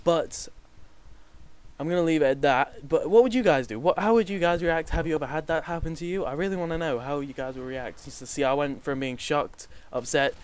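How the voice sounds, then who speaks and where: A young adult man vlogs to camera, telling a personal story in a rambling, casual way, swearing freely and often restarting sentences. His voice is medium-pitched, clear, and resonant.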